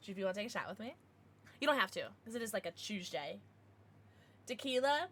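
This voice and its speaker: Bubbly, lively woman streamer. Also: medium pitch, fairly quick, long pauses, breathy edge. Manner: bubbly, laughs often, reacts to chat. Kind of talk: casual livestream chat.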